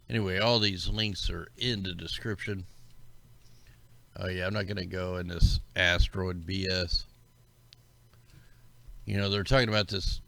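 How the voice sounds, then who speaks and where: A man hosts a livestream, rambling casually and conspiratorially as he talks through maps and greets his viewers. His voice is low and sharp, with vocal fry.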